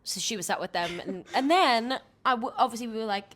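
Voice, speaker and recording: A young woman co-hosting a podcast, telling stories in a lively, animated way and laughing often. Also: on the high side, a little fast. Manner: animated storytelling, laughs a lot. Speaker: podcast co-host. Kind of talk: casual chat.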